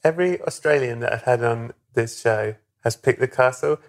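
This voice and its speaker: A man's voice: medium pitch, normal speed. A man hosting a podcast interview in a playful, joking, sweary way. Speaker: podcast host. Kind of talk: casual chat.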